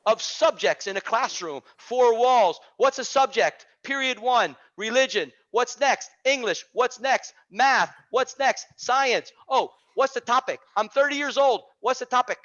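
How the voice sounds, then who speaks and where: A man hosting an online teaching community, giving an energetic, preachy talk on a video call and repeating phrases for emphasis. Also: very high voice, unhurried, hardly any pauses. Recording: dull lo-fi video call audio.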